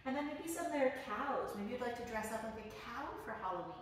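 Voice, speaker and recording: A woman teaching a children's yoga class, giving gentle, encouraging and playful instructions. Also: on the high side, expressive, quick pace. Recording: very echoey room, voice from a distance, faint noise.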